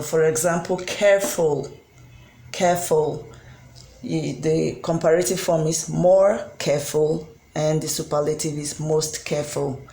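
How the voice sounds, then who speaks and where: An English tutor giving a recorded grammar lesson, slow and deliberate, spelling out letters and pausing on frequent ums. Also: medium pitch, a little mellow. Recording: roomy echo with faint background hum.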